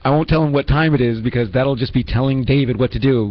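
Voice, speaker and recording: A man's voice: medium pitch, steady tone, quick pace, muffled recording. A man hosting a radio show in a rambling, self-mocking comedic manner, full of restarts and asides. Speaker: radio host.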